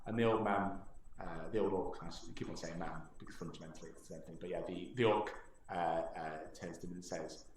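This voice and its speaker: A man's voice: deep voice, fast. A man narrating a tabletop game as dungeon master, telling the story with lots of fillers. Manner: animated storytelling, many fillers and restarts. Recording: echoey room.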